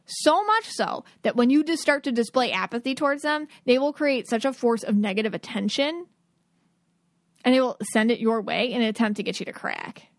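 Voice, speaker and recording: A woman in her thirties talks through her podcast in a casual, earnest way, full of "like" and little laughs. Her voice sits a bit high, and the sound is dry and close, with no room around it. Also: normal speed, dry recording. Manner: earnest, chatty advice-giving with frequent "like" and laughs. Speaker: podcast host. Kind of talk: casual solo podcast talk.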